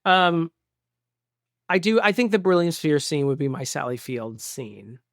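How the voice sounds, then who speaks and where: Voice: medium pitch, big pitch swings, moderate pace, no echo, studio quality. A podcast co-host in casual chat, rambling through nerdy asides and laughing often. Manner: rambling, self-described nerd logic, laughs often.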